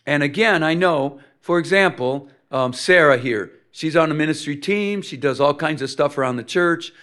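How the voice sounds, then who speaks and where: A man's voice: a little high, moderate pace, a bit bright. A man teaching a church seminar on ministry teams, talking to the room in a conversational way with plenty of fillers.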